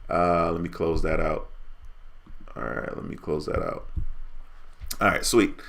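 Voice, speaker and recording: A man's voice: sits low, fairly even intonation, measured pace, creaky, fairly bright tone. A man hosting a casual livestream, reading viewer comments aloud in an upbeat way. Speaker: livestream host.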